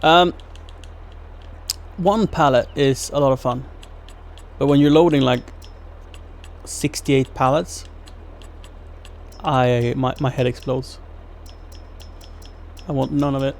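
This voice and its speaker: A man's voice: medium pitch, steady tone, slow pace, long pauses. A young man from Sweden streaming a farming game, chatting casually and rambling with self-mocking asides. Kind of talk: casual gameplay commentary.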